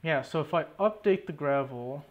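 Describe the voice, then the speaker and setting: A man's voice: on the high side, expressive, moderate pace, muffled recording. Swearing young man narrating his gameplay. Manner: swears often, exasperated running self-talk. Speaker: gaming YouTuber. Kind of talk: live commentary over gameplay.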